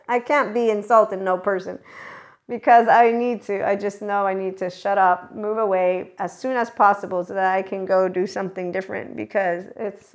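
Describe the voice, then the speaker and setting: Woman host for a loose spiritual talk show, mid-pitched, rambles and laughs, swears freely. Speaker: podcast host. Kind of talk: casual spiritual monologue.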